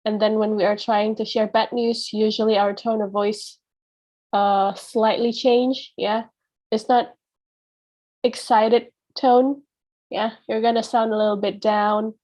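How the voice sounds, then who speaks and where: Slow, patient woman teacher. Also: mid-range voice, flat delivery, darkish tone, muffled recording. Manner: patient and explanatory, with frequent "yeah" check-ins; acts out example phrases with a changed tone. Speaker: English teacher. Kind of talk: explaining a lesson to students.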